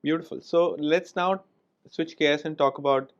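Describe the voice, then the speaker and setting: A man, hosting a podcast and asking questions in a measured way, with some hesitant fillers. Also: on the high side, fairly even intonation. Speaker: podcast host. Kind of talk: interview questions. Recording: dull lo-fi podcast audio.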